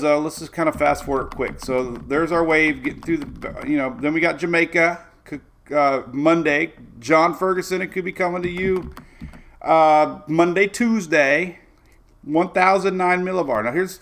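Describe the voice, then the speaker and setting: A man's voice: on the high side, creaky, fairly bright tone. A man hosting a casual weather talk, walking loosely through forecast maps with playful asides and plenty of fillers. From Florida. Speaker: weather host.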